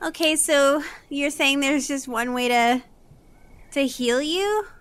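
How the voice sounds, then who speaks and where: A woman's voice: sits high, slow, fairly bright tone. A woman playing a tabletop game, describing her character's moves in a hesitant way. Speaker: player.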